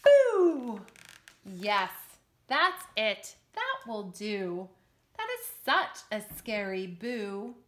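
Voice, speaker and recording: A woman teacher reading a picture book aloud to children in an expressive, sing-song, encouraging way. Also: mid-range voice, slow pace. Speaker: children's yoga and story teacher.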